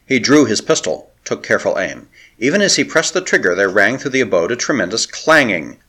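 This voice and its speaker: A man narrating an adventure novel in a measured, dramatic storytelling manner. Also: on the low side, sing-song, fairly bright tone, husky. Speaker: audiobook narrator. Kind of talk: scripted narration.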